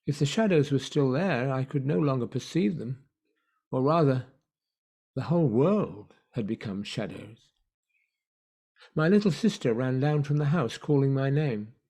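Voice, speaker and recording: A man narrating a story in an online play reading, measured and hushed. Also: mid-range voice, animated.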